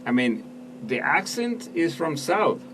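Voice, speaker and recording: Slow, hesitant radio co-host man. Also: a little high, big pitch swings. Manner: hesitant, searching for words. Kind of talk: casual radio chat about films. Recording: distant mic with some background noise.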